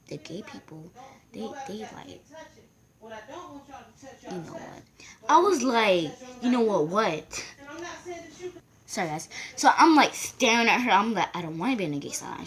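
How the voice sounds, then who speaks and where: Rambling woman telling a storytime. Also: medium pitch. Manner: rambling, acts out quoted voices. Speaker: vlogger. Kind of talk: casual storytime.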